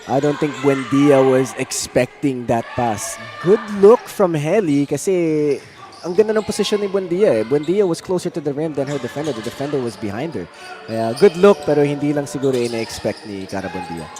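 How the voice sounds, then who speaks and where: A color commentator with a Filipino accent gives live analysis of a basketball game, switching between English and Filipino. His medium-pitched voice is animated and brisk, heard over a noisy arena broadcast.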